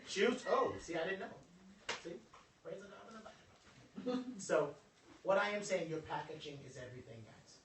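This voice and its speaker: A young man giving an informal motivational talk to a small group, lively and joking in a preacherly way, calling on his audience. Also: high voice, moderate pace, pauses often, background noise. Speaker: motivational speaker. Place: indoor room with a small audience. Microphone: phone livestream from across the room. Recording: echoey room, voice from a distance.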